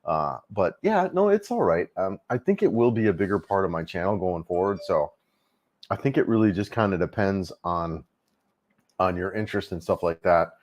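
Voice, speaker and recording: A man's voice: sits low, animated, normal speed. A middle-aged man hosting a casual travel livestream, rambling easily with lots of fillers and restarts.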